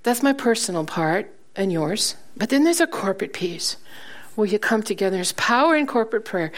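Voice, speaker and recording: A woman preaching a sermon, telling stories with laughter between points, slowing down for emphasis and dropping to a soft, quiet voice. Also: medium pitch, very animated. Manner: slows down for emphasis, then drops to a soft, quiet voice. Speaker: guest preacher.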